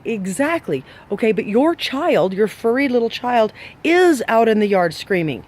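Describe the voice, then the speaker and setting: High-voiced man lecturing dog owners. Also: big pitch swings, moderate pace, a little mellow. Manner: emphatic, scolding, full of rhetorical questions. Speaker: dog trainer. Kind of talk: direct advice talk to dog owners.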